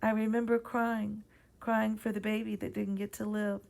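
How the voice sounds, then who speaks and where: A woman with a Southern accent reading her own ghost story aloud in a quiet, measured way. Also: medium pitch, little pitch movement, creaky.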